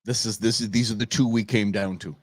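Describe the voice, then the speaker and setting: A man from the United States hosting a news talk show, joking and lively, often restarting his sentences. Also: fairly low pitch, brisk, no room sound. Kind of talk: casual political chat.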